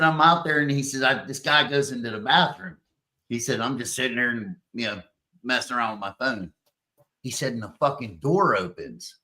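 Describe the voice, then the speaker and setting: A man's voice: medium pitch, sharp tone. A man hosting a podcast, telling a profane story with lots of chuckles and loose restarts. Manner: laughing, profane, loses his train of thought. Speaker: podcast host. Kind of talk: casual podcast chat.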